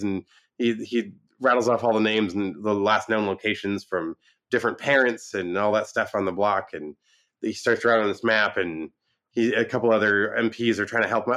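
Animated, low-voiced man reviewing a film. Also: fairly quick. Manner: animated retelling, acts out quoted lines; frequent restarts and fillers. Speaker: movie reviewer. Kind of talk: casual film review chat.

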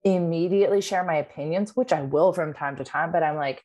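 A woman's voice: sits low, fairly even intonation, a little fast, warm tone. A woman speaking as a podcast guest, telling stories in a blunt, candid, casual way and swearing freely. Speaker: guest, runs a birth support group. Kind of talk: casual storytelling in a podcast chat. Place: works at a chiropractic office.

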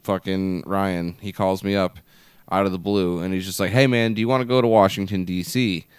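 A man's voice: deep voice, steady tone, moderate pace, clean tone, dry recording. A man co-hosting a podcast, telling rambling anecdotes with heavy swearing and filler. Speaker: podcast co-host. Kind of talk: casual chat.

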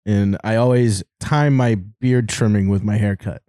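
A man co-hosting a comedy podcast in casual chat, crude and mocking, often breaking into high-pitched impressions. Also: normal speed, mellow, clear, resonant tone, dry recording, clean studio sound. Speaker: podcast co-host.

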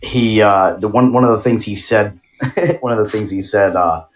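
Brief: deep-ish male podcast co-host, meandering and chuckling, swears freely. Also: moderate pace. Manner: rambling, giggly, profane. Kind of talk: casual chat.

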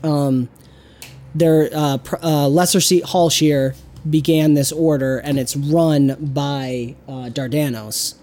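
A man running a tabletop game as game master and host, talking in a halting way with many fillers and restarts. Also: a little high, fairly even intonation, a little mellow.

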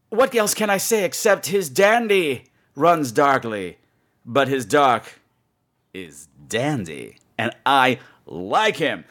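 A male podcast host chatting through a campy, theatrical monologue. His voice sits fairly high, and his pitch rises and falls animatedly as he talks. He keeps a loose, conversational delivery. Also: fairly bright tone. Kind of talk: casual monologue.

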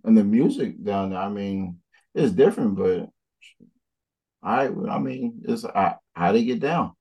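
A man's voice: fairly low pitch, animated, a little slow, husky, lo-fi sound. A man co-hosting a podcast, mostly chiming in with short agreeing remarks in casual chat. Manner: brief agreeing interjections. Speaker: podcast co-host.

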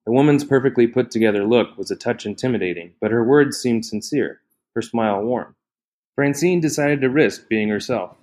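Reading a novel aloud as an audiobook narrator, a man uses a lowish voice and an evenly measured storytelling manner. It's scripted narration.

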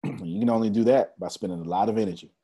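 A man's voice: fairly low pitch, very fast, breathy edge. A man giving a motivational talk, telling a story with laughs and speaking straight to his audience. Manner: animated, laughing storyteller addressing the crowd.

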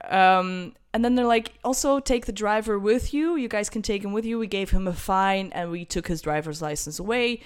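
Animated British woman telling a story. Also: mid-range voice, fairly quick, hardly any pauses. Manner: animated storyteller who acts out quoted voices. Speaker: guest telling a travel story. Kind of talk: casual anecdote.

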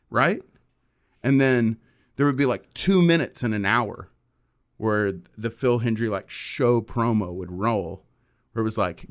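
A man's voice: mid-range voice, moderate pace. A man hosting a podcast, telling a rambling story in casual chat with many fillers. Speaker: podcast host.

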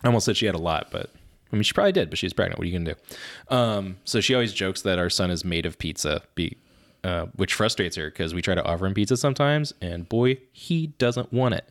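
A man with a low, deep speaking voice, chatting casually on a podcast. He tells stories with energy and often breaks into laughter at his own tales. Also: lively intonation, fast. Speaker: podcast co-host and father. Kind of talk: casual chat.

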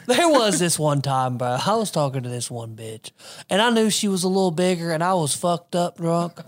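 A man's voice: a little high, lively intonation, moderate pace. Crude laid-back storyteller man. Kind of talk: casual chat, storytelling.

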